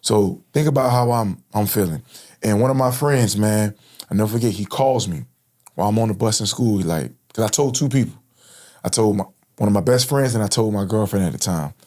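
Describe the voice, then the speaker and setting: Being interviewed, a Floridian man in his thirties recounts his history in earnest, casual talk full of slang. He speaks fairly quickly in a lowish, slightly mellow voice.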